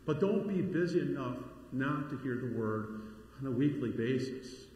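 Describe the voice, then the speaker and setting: In a large church sanctuary, a middle-aged pastor delivers a conversational sermon full of asides and rising emphasis. His medium-pitched voice has a darkish tone and a moderate pace. The hall is very echoey, with faint ambience behind him.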